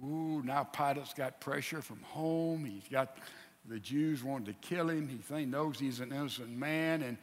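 A man preaching a sermon, telling a story with lively delivery and acting out the voices of the people in it. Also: medium pitch, unhurried, long reverb tail.

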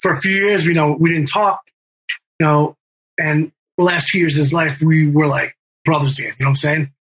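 A middle-aged man tells a story in casual interview talk, circling back with fillers and restarts and swearing freely. His voice is bright and slightly raised in pitch, with a husky edge. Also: steady tone, brisk, low-quality recording. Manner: rambling, many fillers and restarts, swears, acts out quotes. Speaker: guest, band member and music manager.

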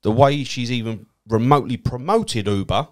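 With a mid-range voice at normal speed, the Essex-accented cabbie-comedian swaps stories casually. Swearing comes easily to him, and he animates every quoted person with gusto.

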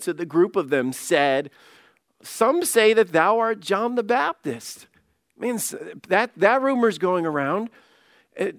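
A man's voice: sits high, no room sound, clean studio sound. A male pastor preaching in a conversational way, often restarting words and acting out the quotes he tells. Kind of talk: sermon.

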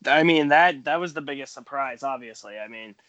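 A man's voice: medium pitch, brisk, fairly bright tone, dull audio. A man co-hosting a podcast, talking in a laid-back way that sometimes gets tongue-tied. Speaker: podcast co-host. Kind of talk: casual chat.

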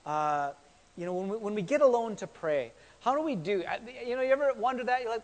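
Male pastor, high voice, chatty sermon delivery with repeated words and questions, reverberant church sound. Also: animated, brisk. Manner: conversational, repeats words, asks the congregation questions.

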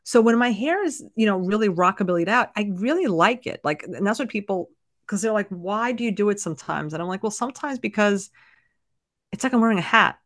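A woman's voice: medium pitch, animated, a little fast, dry recording, studio quality. A woman co-hosting a podcast, chatting casually and emphatically about a book. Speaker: podcast co-host.

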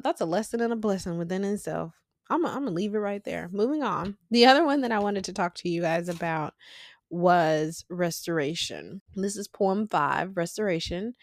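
A young woman talks through scripture on her podcast, with a voice pitched in an ordinary middle range. She is conversational and emphatic, and drops slangy asides between passages. The sound is dry, with no room echo. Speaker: podcast host. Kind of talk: casual Bible study podcast.

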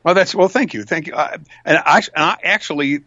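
A man's voice: fairly high pitch, a little fast, bright, forceful tone, no echo, dull audio. Chatty man telling rambling stories. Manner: rambling anecdotes with restarts and demonstrations. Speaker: voice actor guest. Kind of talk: conversational interview talk.

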